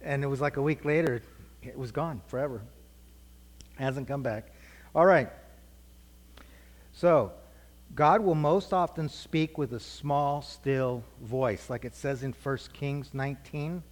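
A man's voice: medium pitch, measured pace, long pauses. A middle-aged man teaching a church group conversationally, asking questions and repeating their answers. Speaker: preacher teaching a class. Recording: long hall reverb.

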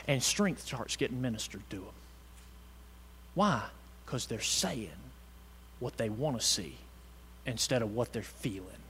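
A man preaching a sermon, swinging from loud exhortation to hushed tones and calling on the congregation to answer him. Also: on the high side, big pitch swings, a little slow, pauses often, big-room sound, a little hiss or hum. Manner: calls on the congregation to respond.

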